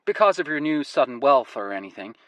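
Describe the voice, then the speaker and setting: A man's voice: very animated, fairly quick, a bit bright, no echo. A man voicing a persistent, friendly young woman with an American accent, in a breezy, coaxing manner. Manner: breezy, coaxing, lifted pitch.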